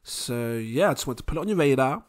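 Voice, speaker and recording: A young man hosting a casual crypto vlog, animated and laughing often. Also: medium pitch, quick pace. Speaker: crypto video host.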